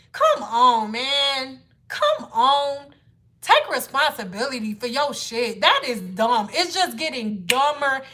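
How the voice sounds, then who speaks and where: A woman's voice: high-pitched, sharp tone. A woman hair care educator talking to viewers on a casual livestream, blunt and exasperated, with a lot of swearing. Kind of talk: casual livestream lesson and rant.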